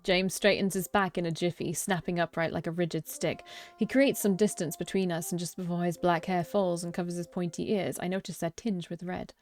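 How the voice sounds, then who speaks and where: A young woman with a fairly low voice reads a visual novel aloud, voicing the first-person narrator. She keeps stumbling and correcting herself, then drops into playful, swearing side comments. Soft music plays faintly underneath. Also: steady tone, fairly quick. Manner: breaks off narration for joking, swearing asides; restarts and self-corrections while reading. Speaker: let's play streamer.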